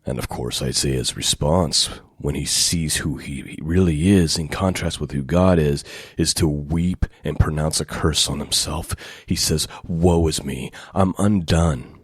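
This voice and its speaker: Man preaching, reads scripture then expounds; very deep and unhurried, leans on repeated words. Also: slightly rough, dry recording, studio quality. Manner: slow, deliberate, emphatic repetition. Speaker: pastor. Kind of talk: sermon with scripture reading.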